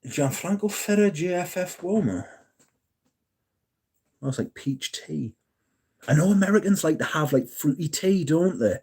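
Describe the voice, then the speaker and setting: A man's voice: a little high, animated, a little slow, long pauses, a little mellow, husky. A young man hosting a casual live stream, chatting in a jokey way and reading out messages from the chat. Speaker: livestream host.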